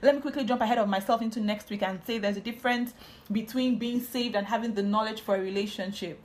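A woman's voice: on the high side, steady tone, fast, a little mellow. A woman, hosting a podcast and giving a casual, chatty Bible teaching on marriage, often drifting into asides.

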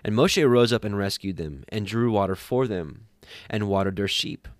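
A man reading scripture aloud at a steady pace, sometimes correcting himself. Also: lowish voice, moderate pace, no room sound, clean studio sound. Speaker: scripture reader.

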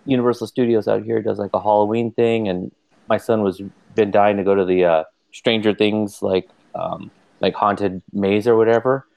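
A man co-hosting a podcast, chatting casually and telling lively stories, voicing the people in them with sudden jumps in pitch. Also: moderate pace, gravelly. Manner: animated storyteller, mimics people with pitch jumps. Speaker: podcast co-host.

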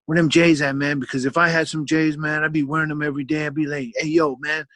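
A man's voice: on the high side, level tone, fast talker, bright, forceful tone, dry recording, clean studio sound, voice pushed up. A man voicing a cocky teenage boy friend who nags and teases in slang, repeating "man". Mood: nagging.

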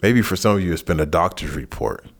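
A man teaching a Bible passage in a relaxed, conversational sermon, who rises in pitch for lively asides. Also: quick pace, creaky. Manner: casual and animated, jumps higher in pitch for asides. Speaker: pastor.

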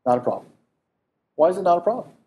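A man preaching a sermon in a conversational, animated way, asking the listeners questions. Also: high-pitched, fast talker.

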